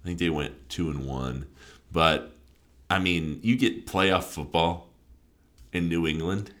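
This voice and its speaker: A man's voice: sits low, fairly bright tone. A man co-hosting casual sports chat, joking as he makes his picks. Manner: joking, quick, playful. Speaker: co-host of a sports podcast.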